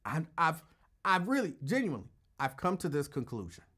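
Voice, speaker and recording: A man's voice: on the high side, big pitch swings, a little fast, fairly bright tone, slightly rough. A man hosting a call-in talk show, giving casual commentary in an emphatic, argumentative way and repeating his points for effect.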